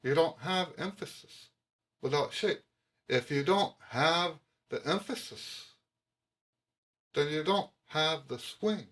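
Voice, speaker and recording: A man's voice: a little high, animated, slow pace, long pauses, fairly bright tone. A man teaching jazz trumpet to camera, emphatic, repeating his key points with frequent restarts. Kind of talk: explaining music to camera.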